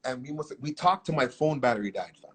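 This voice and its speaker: A man with a husky, slightly grainy voice recounts his past in an interview. He talks in animated, profane street slang at a middling pitch. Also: fast. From Canada. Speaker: guest artist. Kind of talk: storytelling interview.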